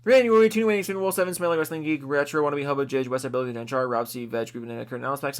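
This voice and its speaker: Rapid-fire excitable man reading names. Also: medium pitch. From US, Seattle area. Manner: excitable, profane, laughing at his own slips. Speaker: YouTuber reading out supporter names. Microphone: close desk microphone.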